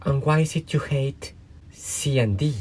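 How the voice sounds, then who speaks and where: A man's voice: mid-range voice, animated, normal speed, warm tone, breathy edge, voice pushed up. A man putting on an anxious little girl. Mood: anxious, eager. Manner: light and eager, raised voice. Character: polite anxious young girl.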